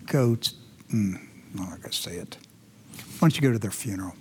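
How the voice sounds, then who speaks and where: A man hosting a commentary show, talking indignantly and moving between heated outbursts and hushed, emotional passages. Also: on the low side, lively intonation, brisk, background noise. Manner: indignant, swings from loud ranting to hushed emotional. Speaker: host.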